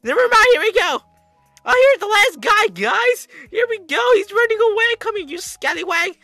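A gamer voicing an over-excited young YouTuber who screams over everything during gameplay commentary, with exaggerated cracking shouts. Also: very high-pitched, normal speed, no echo, faint music behind, voice pushed up, full character voice. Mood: hyped.

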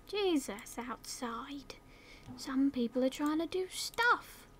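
A woman's voice: sits high, animated, slow pace, a bit bright, slight background noise. A young British woman chatting through a life-sim game as a YouTuber, giving her characters orders, slipping into whispers and silly voices, swearing casually. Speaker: gaming YouTuber. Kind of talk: casual let's-play commentary.

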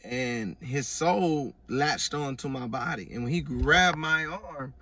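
Earnest man, mid-pitched, loose testimony delivery, mic a little distant. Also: takes it slowly, sharp tone. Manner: earnest, rambling, with repeated restarts. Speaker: vlogger giving religious testimony. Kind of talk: casual personal testimony.

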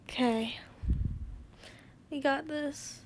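A woman casually reading fanfiction aloud, halting as she goes, with frequent restarts and self-corrections. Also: high voice, steady tone, a little hiss or hum. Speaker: fanfiction reader.

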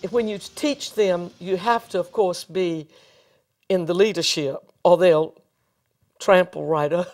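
A woman in her seventies with a Southern US accent, speaking in a measured, earnest, devout way in an interview. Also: lowish voice, fairly even intonation, darkish tone. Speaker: retired teacher interviewed. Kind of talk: reflective interview.

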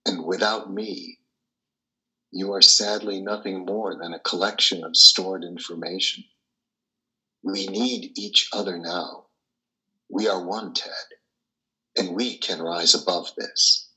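An actor playing a cold visionary transhuman leader, speaking in a solemn, measured, persuasive way. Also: male voice, deep voice, steady tone, sharp tone, exaggerated voice, low-quality recording. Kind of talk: audio drama reading.

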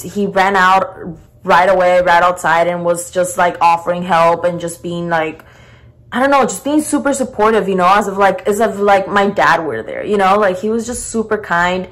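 Young woman, vlogger, storytime, chatty, animated, lots of fillers. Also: mid-range voice, moderate pace, poor audio. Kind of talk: storytime vlog.

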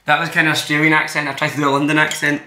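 A man's voice: fairly high pitch, little pitch movement, rapid-fire, sharp tone, slight background noise. Rambling man in an echoey kitchen. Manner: rambling, playful, mock-serious. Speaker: host making tea on camera. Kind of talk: casual chat. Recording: echoey kitchen with clattering dishes.

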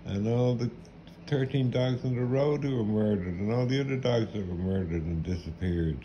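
Speaking at normal speed in a lowish voice, the same sort of middle-aged Irishman launches into a bitter, rambling tirade, cursing over and over. Faint hiss sits under the muffled lo-fi audio.

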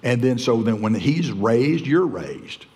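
A man's voice: medium pitch, very animated, slow, darkish tone. An older man preaching a sermon as pastor, telling folksy stories and chuckling often. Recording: church hall reverb.

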